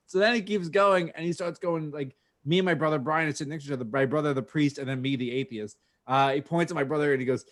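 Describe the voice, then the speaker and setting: A man's voice: on the high side, fast talker, few pauses. A man co-hosting a podcast, telling a rambling, profane story with frequent laughs from his home office. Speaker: podcast co-host. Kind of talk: casual storytelling chat. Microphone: home office video call mic.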